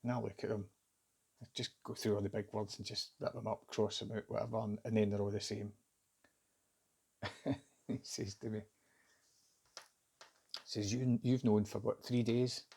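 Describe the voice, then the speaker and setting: Gravelly low-voiced Scottish man telling a story. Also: flat delivery, moderate pace, long pauses, a little mellow. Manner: rambling and hesitant, with many fillers and restarts. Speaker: vlogger recounting a job interview. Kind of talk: casual spoken storytelling.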